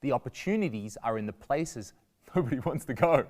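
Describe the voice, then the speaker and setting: An Australian man talks to a class like a stand-up comic, jokey and animated, slipping into quick put-on voices for his stories. His voice sits at an ordinary middle pitch. The sound carries a long reverb, as if in a hall. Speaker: comedian giving a guest lesson. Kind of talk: lively stand-up style talk to students.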